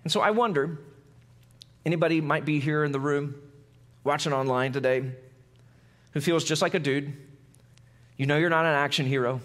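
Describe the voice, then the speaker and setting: High-voiced man preaching conversationally. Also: moderate pace, pauses often. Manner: conversational preaching with acted-out quotes; drops low and quiet for emphasis. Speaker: pastor. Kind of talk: sermon.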